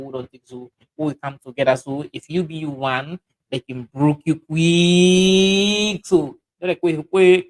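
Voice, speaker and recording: Hosting a livestream, this man reads out comments from viewers in a Sierra Leonean Krio accent. He speaks haltingly, full of fillers and restarts. His pitch sits fairly high, and the recording quality is low.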